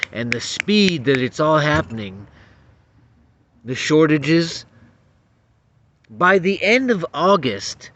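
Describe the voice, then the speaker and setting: A man giving an angry, profane political rant to camera, getting worked up and stumbling over repeated words. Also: mid-range voice. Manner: profane, agitated, stumbling restarts. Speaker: vlogger. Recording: dull lo-fi audio.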